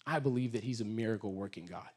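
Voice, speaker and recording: A man's voice: lowish voice, quick pace, darkish tone, breathy edge. A middle-aged man, a guest speaker, telling a story and leading an earnest prayer in a sermon. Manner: earnest, storytelling with quoted voices, fervent prayer.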